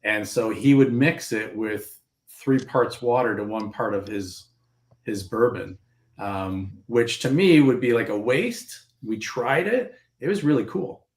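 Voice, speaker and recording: A man's voice: medium pitch, a little slow. A Canadian man chatting casually and eagerly on a live show, rambling with fillers. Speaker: panelist on a live whiskey and board game show. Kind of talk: casual chat. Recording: roomy echo.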